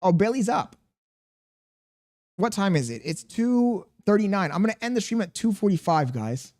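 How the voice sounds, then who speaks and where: Young guy streaming, reads chat out loud and riffs back, relaxed and chuckly, throat a bit sore, voice sits kinda high for a guy. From Chicago, USA. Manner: laid-back, chuckling, drifts between slow and quick talk. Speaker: live streamer. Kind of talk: casual stream chat, reading viewer comments aloud.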